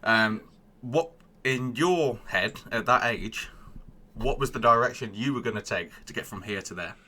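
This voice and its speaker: A man hosting a podcast, asking questions in a casual, joking way with quick asides. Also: mid-range voice, bright, forceful tone. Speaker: podcast host, interviewer. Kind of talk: casual interview.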